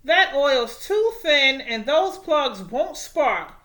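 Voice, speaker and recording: A woman voicing a mean, hungry male monster truck in a storybook, talking gruffly with a sly, roaring edge. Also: sits high, very animated, slow, a bit bright, exaggerated voice.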